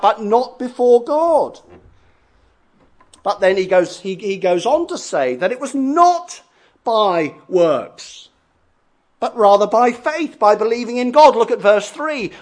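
A man preaching an expository sermon, explaining earnestly and voicing imagined listeners in dialogue. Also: sits high.

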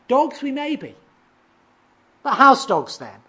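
A preacher delivering a sermon, explaining scripture verse by verse, asking rhetorical questions and sometimes pausing on fillers. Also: high voice, big pitch swings, sharp tone. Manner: expository, asks rhetorical questions, reads out verses; occasional hesitant fillers and restarts.

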